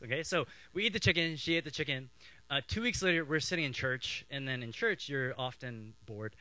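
Animated storytelling preacher, bright voice. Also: male voice, medium pitch, brisk, rough recording. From Canada. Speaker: pastor. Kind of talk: sermon with personal stories.

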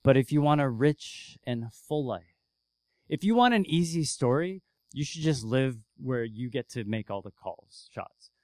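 A man preaching a sermon as pastor, telling a story with lively swings from hushed to loud. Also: medium pitch, unhurried, no echo.

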